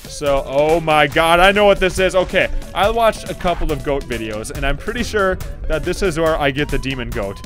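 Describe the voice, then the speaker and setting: Young let's play host, excitable and shrieking, over clear game music. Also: mid-range voice, moderate pace, hardly any pauses. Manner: excitable, bursts into shrieks and laughter. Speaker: gaming video host.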